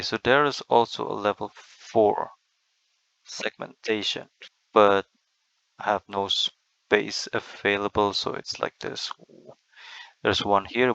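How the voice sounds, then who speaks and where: A man's voice: lowish voice, vocal fry, a bit bright, dry recording, muffled recording. A man giving a methodical screen-recorded lecture, walking through slides step by step. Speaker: lecturer on Bible accents.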